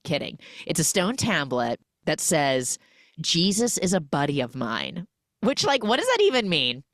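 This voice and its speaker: Speaking a little slowly in a low-pitched voice, this female podcast host goes over a film in a lighthearted, joking manner. She animatedly acts out what the characters say, and the recording is dry.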